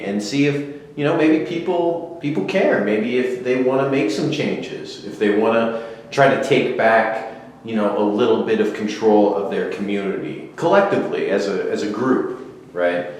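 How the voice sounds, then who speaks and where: A man hosting a casual podcast chat, teasing his guest. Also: on the low side. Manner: joking, teasing. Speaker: podcast host. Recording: roomy echo, faint noise.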